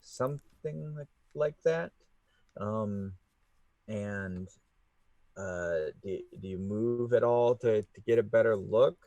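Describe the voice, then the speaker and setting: Game master man, low voice, unhurried, halting narration, dry close sound. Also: mellow, dry recording, muffled recording. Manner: halting, full of fillers and restarts.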